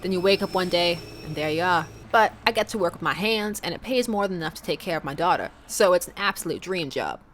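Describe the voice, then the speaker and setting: A woman's voice: on the low side, expressive, quick pace, few pauses, fairly bright tone, a little hiss or hum. A woman voicing a burly, easygoing male dad, a competitive contractor, in a put-on fake Southern accent with a teasing, folksy drawl. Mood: laid-back.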